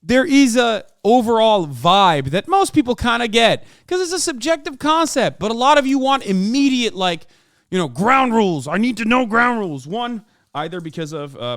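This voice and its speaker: Profane, emphatic male streamer, smooth dry voice. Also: high-pitched, fairly bright tone, no room sound. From United States. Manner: profane, emphatic, rambling with fillers. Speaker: streamer reacting to clips. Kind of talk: casual opinionated commentary.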